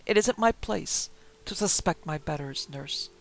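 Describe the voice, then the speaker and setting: Gossipy old female housekeeper, indignant and dignified, read by a man with a gravelly voice. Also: on the high side, expressive, a little slow, rough recording.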